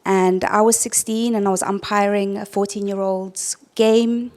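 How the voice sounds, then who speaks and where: A woman from Zimbabwe who coaches field hockey, speaking on a conference panel in a measured, storytelling way. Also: mid-range voice, fairly even intonation, a little mellow. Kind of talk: panel talk.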